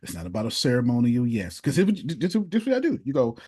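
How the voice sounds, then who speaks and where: Speaking quickly with hardly any pauses, a man coaches a group over a video call in a warm, mid-range voice with a breathy edge and big pitch swings. A motivational speaker and business coach, he's emphatic and preachy in this animated session, using casual grammar and repeating himself for effect.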